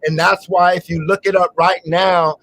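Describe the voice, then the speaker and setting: A man's voice: high-pitched, level tone, moderate pace, a bit bright, rough recording. A man hosting a live online talk show, delivering a rambling, emphatic monologue. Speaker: host.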